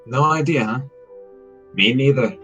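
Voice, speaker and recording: A man's voice: medium pitch, measured pace, sharp tone, faint music behind. A man voicing a young male sparrow assistant, reading the game's lines in a musing, wondering way.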